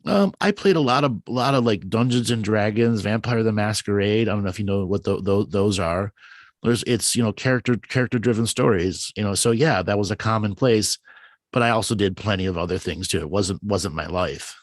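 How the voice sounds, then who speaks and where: A man's voice: lowish voice, fairly quick, dry recording, studio quality. A man hosting a casual live call-in chat, rambling and enthusiastic, often restarting his words. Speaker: show host.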